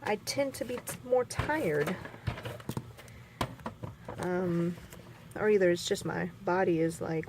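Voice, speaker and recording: A woman's voice: fairly low pitch, takes it slowly, pauses often, noisy background. A woman chatting casually while scrapbooking at her craft table, rambling and poking fun at herself with lots of fillers. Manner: rambling, chatty, self-mocking, many fillers. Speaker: scrapbooking vlogger.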